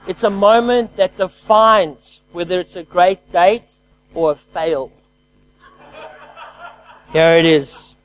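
A man preaching a lively sermon who calls out to his congregation and swings between loud exclamations and quiet, hushed lines. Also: a little high, a little hiss or hum, low-quality recording. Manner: energetic call-and-response preaching.

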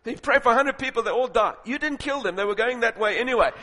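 An animated male preacher telling a humorous sermon story and acting out its scenes. His voice is high and bright. A long reverb from a large hall follows his words. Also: fast talker, a little hiss or hum.

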